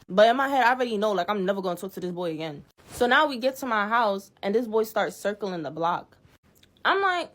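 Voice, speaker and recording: A young woman telling a storytime vlog in a casual, animated, exasperated way, swearing freely and acting out both sides of a conversation. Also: medium pitch, brisk.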